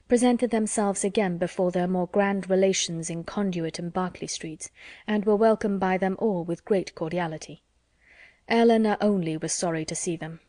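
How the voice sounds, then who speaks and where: A woman's voice: mid-range voice, mellow, no room sound. Woman narrating a classic audiobook, dry. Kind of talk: scripted narration of a classic novel.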